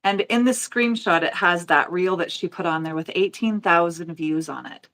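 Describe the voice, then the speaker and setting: A woman's voice: fairly low pitch, moderate pace, fairly bright tone. A woman in her forties, a nail educator from the United States, telling stories in a casual, emotional way. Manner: emotional, storytelling with quoted voices. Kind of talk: casual chat.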